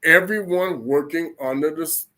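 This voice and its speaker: Guy preaching off the cuff, kinda high voice, rambles, keeps restarting and saying okay. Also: normal speed, sharp tone. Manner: rambling, colloquial, frequent restarts and "okay?" checks. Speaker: religious teacher. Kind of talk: informal spoken sermon.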